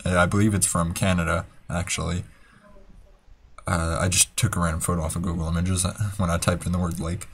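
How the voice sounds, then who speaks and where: A man's voice: deep voice, little pitch movement, brisk, a bit bright, husky. A young man in college hosting a casual podcast, talking in a laid-back, rambling way. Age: young adult. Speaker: podcast host. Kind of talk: casual chat. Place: college dorm room.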